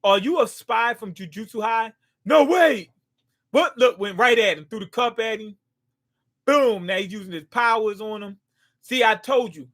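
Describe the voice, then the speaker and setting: A manga reaction host with a high, bright voice reads a comic aloud and reacts live at normal speed. He's excitable, bursting out at big moments and stumbling over difficult names.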